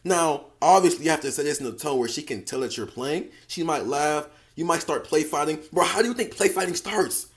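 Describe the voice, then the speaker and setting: A dating coach with a slightly high voice talks briskly and barely pauses. His monologue is casual, slangy and profane, full of repeated phrases, and he keeps calling the listener bro in an emphatic street style.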